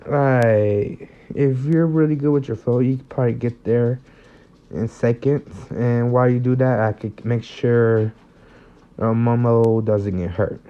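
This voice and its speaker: Male narrator voicing a nervous teenage boy hero; hesitant, halting, muffled lo-fi sound. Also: medium pitch, steady tone, natural voice. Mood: earnest. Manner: hesitant, stumbling, self-correcting. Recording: slightly muffled lo-fi recording.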